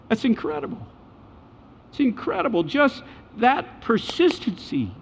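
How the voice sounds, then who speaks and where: A male pastor preaching a sermon, emphatic, repeating key phrases and swinging between loud and hushed delivery. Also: sits high, expressive, moderate pace, a little hiss or hum. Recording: dull sound with long hall reverb.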